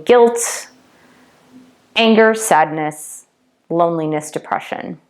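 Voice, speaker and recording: Emphatic woman coach explaining ideas. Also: medium pitch. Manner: emphatic, repeats key words, checks in with "okay?" and "right?". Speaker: twin flame coach and tarot reader. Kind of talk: casual teaching monologue.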